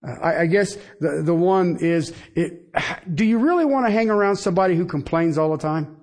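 A man's voice: high voice, animated, fairly quick, a little mellow. A middle-aged man preaching a sermon in a conversational way, with asides and rhetorical questions to the congregation. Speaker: pastor.

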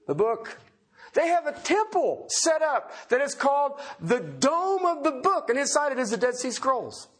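A man preaching a sermon in a folksy way, swinging from loud emphatic points to quiet chuckling asides. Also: very high-pitched.

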